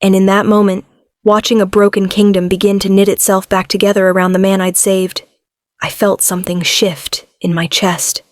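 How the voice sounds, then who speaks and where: A woman narrating a romance audiobook in the first person, with even, steady storytelling. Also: mid-range voice, moderate pace, no room sound, studio quality.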